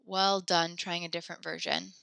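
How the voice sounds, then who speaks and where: A woman's voice: fairly low pitch, little pitch movement, normal speed, vocal fry, sharp tone, no echo. A woman teaching a French class online, chatty and encouraging, with many fillers as she explains tasks. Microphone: computer mic in a video class.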